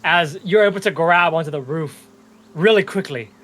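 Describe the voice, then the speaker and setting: A man's voice: on the high side, moderate pace, fairly bright tone. A young man narrating as game master, loose and chatty, breaking into chuckles as he describes the scene.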